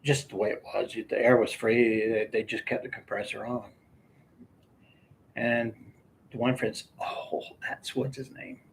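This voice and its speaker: A man's voice: on the low side, flat delivery, moderate pace, creaky, long pauses, a little hiss or hum. Older man telling rambling stories. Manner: rambling, laughs often while telling. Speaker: storyteller. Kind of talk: casual storytelling.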